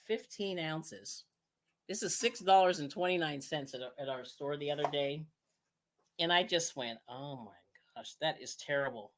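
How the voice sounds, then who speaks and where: A woman with a low voice hosts a live cooking stream. Her talk is casual and chatty, with lots of laughter and sentences she breaks off and starts again. Her pitch swings widely as she goes. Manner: chatty, laughs often, trails off and restarts. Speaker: cooking show host.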